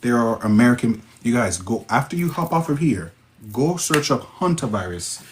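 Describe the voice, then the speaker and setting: Casual male livestream host, Jamaican accent, middle pitch, reacts to chat with sudden high outbursts. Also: normal speed, slight background noise. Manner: excitable, interjects sudden high-pitched exclamations. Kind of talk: casual livestream chat reading viewer comments.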